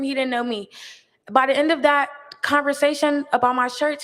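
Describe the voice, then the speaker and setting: A teenage girl, a high school student, sharing a personal testimony in an earnest, halting way with frequent fillers. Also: fairly bright tone. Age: teens. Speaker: student speaker. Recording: reverberant hall.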